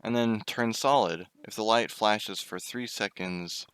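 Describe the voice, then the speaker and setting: Low-voiced young man telling a gaming story. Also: unhurried, fairly bright tone, smooth, no room sound. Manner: chatty, swears, breaks off to react to the game. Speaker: gaming YouTuber. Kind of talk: casual storytime while gaming.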